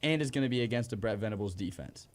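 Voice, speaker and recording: A young man co-hosting a college sports radio show, giving his picks in a relaxed, casual way. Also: fairly low pitch, fast.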